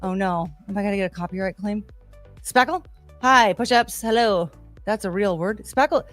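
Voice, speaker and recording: Excitable woman host chatting with her stream at home, rambling, mid-range voice, faint music in the background. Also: medium pitch, normal speed. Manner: rambling, excitable, trails off and restarts. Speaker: livestream host reading chat. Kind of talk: casual livestream chat. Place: home, near her kitchen.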